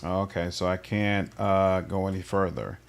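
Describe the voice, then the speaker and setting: A man casually chatting through a game livestream, answering his chat in a relaxed way. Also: deep voice, a little slow, gravelly, slight background noise. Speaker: streamer. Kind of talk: casual gameplay livestream commentary.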